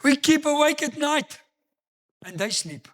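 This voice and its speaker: A man's voice: extremely high pitch, sing-song, measured pace. A man pastor preaching a sermon in an emphatic, storytelling manner, full of rhetorical questions.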